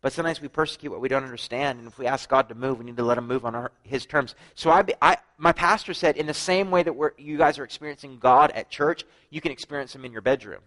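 A young man delivers a sermon as a personal testimony, acting out conversations as he tells them. His pitch sits in a middle range, and he often sinks to a hushed, intimate voice before rising again. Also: fast talker, few pauses, low-quality recording. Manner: animated storytelling, acting out dialogue, often drops to a hushed voice. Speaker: preacher.

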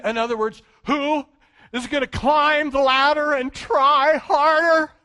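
High, bright-voiced preacher man, shouting then hushed. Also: unhurried, clear, resonant tone. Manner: dramatic, swings from shouting to hushed, acts out voices of congregants. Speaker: pastor. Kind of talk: sermon.

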